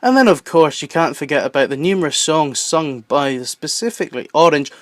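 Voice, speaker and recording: A young man with a Southern English accent narrates a countdown video, breaking into playful, excitable asides. His voice sits a little high. The recording is dry and close, with no room sound. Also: fairly quick, hardly any pauses, no room sound. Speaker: YouTube host. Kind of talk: enthusiastic list-video narration.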